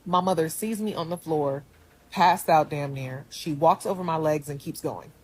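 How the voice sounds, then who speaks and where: Husky woman telling a story. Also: low-pitched, normal speed, rough recording. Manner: animated retelling with shifts in volume.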